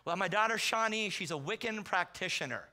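The man's high voice moves at a slightly fast pace as he preaches as a guest pastor in a church sanctuary. Animated and funny, he shares stories and performs the quoted dialogue, making the sermon a string of comic tales.

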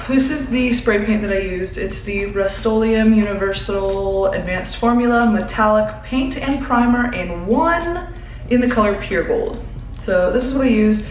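Narrating her vlog casually, a young woman talks through a home room makeover while working indoors. She has a mid-range, slightly mellow voice, and the bare space around her echoes.

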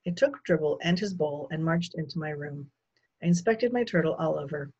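Woman teacher reading aloud, low-pitched and husky, expressive delivery, dull lo-fi recording. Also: moderate pace. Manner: expressive storytelling. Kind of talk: reading a children's novel aloud.

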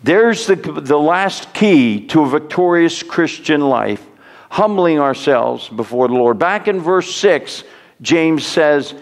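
Guy pastor giving a sermon, earnest and pleading, kinda gravelly, big echoey church. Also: a little high. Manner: earnest, pleading exhortation with repeated words. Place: church sanctuary.

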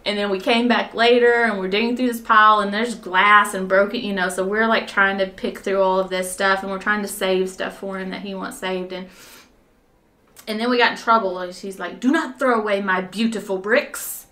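A woman's voice: mid-range voice, flat delivery, normal speed, sharp tone. A woman volunteer telling a story in conversation, rambling with fillers and restarts and often breaking into laughter.

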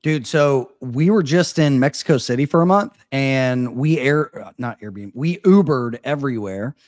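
A man's voice: mid-range voice, moderate pace, a little mellow, dry recording. Laid-back guy, dry close sound. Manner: laid-back, storytelling with lots of "like" and "man". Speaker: co-host. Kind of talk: casual chat. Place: Austin.

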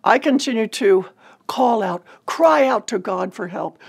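Woman, ministry leader, gravelly husky tone, earnest and measured testimony talk. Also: on the high side, expressive. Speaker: ministry leader telling a personal story.

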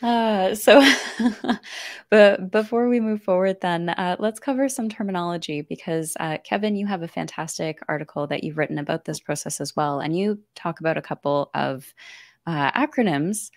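A podcast host leads the talk with casual questions and frequent giggles. Her voice sits a little low, and the sound is dry and close. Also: normal speed, darkish tone, no echo.

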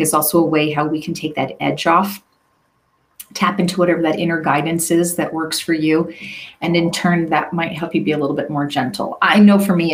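A woman coach talking to her viewers in a reflective, conversational way, often asking them questions and checking in with "right?". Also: deep voice. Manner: conversational, reflective, asks the listener questions, many "right?" tags. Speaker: leadership and career coach. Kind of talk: solo talk to camera.

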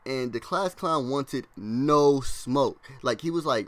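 A young man chats casually to his vlog audience, rambling through a story in slang with plenty of "like" and quick impressions of his classmates' lines. His mid-range voice is expressive and slightly bright.

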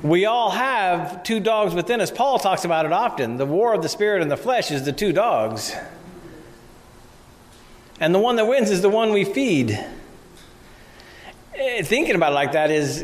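Male pastor, slightly high voice, conversational sermon delivery, long church-hall reverb. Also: animated, moderate pace, long pauses. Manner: conversational, reads scripture aloud. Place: church sanctuary.

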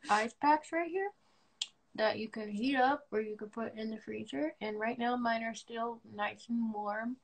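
Woman, sore mouth, livestream co-host, low-key, playful, fairly high pitch, creaky voice. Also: measured pace. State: sore mouth after dental surgery. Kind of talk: casual livestream chat.

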